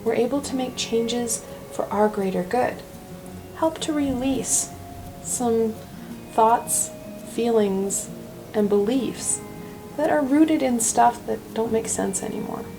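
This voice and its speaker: A woman hosting a weekly tarot reading video, talking in a gentle, reassuring, chatty way. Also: fairly high pitch, slow, over music, rough recording. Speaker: tarot reader.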